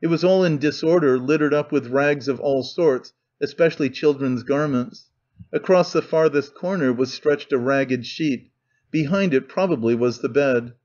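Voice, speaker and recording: A man reading a novel aloud as an audiobook narrator, in steady, measured storytelling. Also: medium pitch, muffled recording. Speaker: audiobook reader. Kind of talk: scripted narration.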